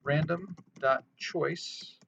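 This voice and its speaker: A man's voice: on the high side, very slow, gravelly, a bit bright, a little hiss or hum, rough recording. A man casually walking through a programming tutorial, thinking aloud with frequent restarts and fillers. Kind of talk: casual screen-recorded coding tutorial.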